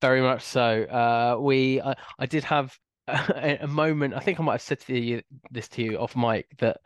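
A man's voice: medium pitch, fairly even intonation, normal speed, dry recording, studio quality. A man in his forties co-hosting a podcast, rambling and self-mocking in casual chat. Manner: rambling, self-deprecating, trails off. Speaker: podcast co-host.

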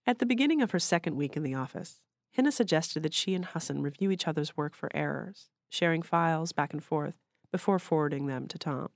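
A woman author reading her literary short story aloud in a measured, even way. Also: sits low, no echo, studio quality. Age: adult.

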